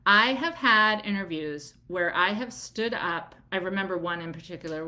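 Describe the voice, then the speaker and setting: A woman doula and business coach who teaches to camera in a candid, animated way and laughs easily. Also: mid-range voice.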